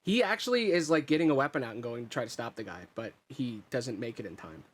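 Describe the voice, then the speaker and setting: A man runs a tabletop game, narrating events in an easygoing, wandering way. His voice sits at an ordinary middle pitch, and he pauses often to pick his words. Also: a little hiss or hum. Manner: relaxed, meandering narration with fillers. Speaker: game master.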